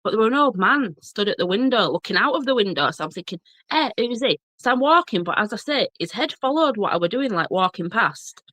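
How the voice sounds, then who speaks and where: Yorkshire woman, thirties, rapid chatty delivery, dry close sound, broad dialect, frequent laughs. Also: medium pitch, animated, bright, forceful tone, no echo. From Bradford, Yorkshire, England. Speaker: guest, blogger and journalist. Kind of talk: casual storytelling chat.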